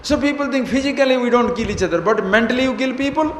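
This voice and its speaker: A man's voice: very high voice, fast. A man giving a spiritual discourse as a teacher, playful and emphatic, prodding listeners with rhetorical questions. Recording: echoey hall with faint noise.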